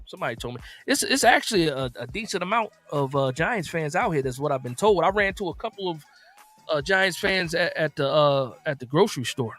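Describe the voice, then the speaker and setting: A man from New Jersey with a slight Southern lilt, hosting a casual sports livestream, reading chat comments aloud and answering in a relaxed, repetitive way. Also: on the high side, brisk, soft background music. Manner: reads chat comments aloud and responds, laid-back, repeats phrases. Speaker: livestream host.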